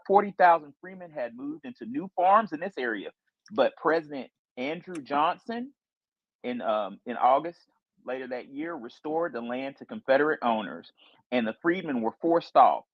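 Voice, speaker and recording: A man's voice: mid-range voice, lively intonation, normal speed, no echo, muffled recording. A man from Alabama, arguing his point in an online debate and stumbling over fillers and repeated words. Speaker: debate participant. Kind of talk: online audio-room debate.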